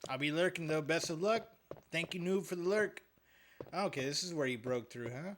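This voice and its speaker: A man streaming a horror video game live, chatting casually, getting excitable and swearing often. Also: fairly high pitch, normal speed, slight background noise. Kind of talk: casual live gameplay commentary.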